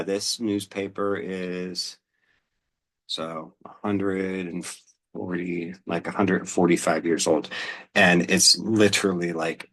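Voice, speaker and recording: A man talking casually as a show host, rambling a bit with fillers and restarts, now and then reading from an old newspaper. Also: low voice. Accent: Pennsylvania. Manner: relaxed, rambling, with many "um"s and restarts.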